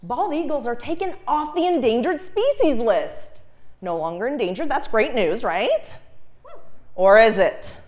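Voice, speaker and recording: A young woman performing stand-up comedy on stage, her fairly high voice leaping up and down in pitch. She talks in an animated way, often laughing at her own jokes and pitching her punchlines into a shriek. She grew up in Los Angeles. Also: moderate pace. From Los Angeles, USA. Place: comedy stage before a live audience.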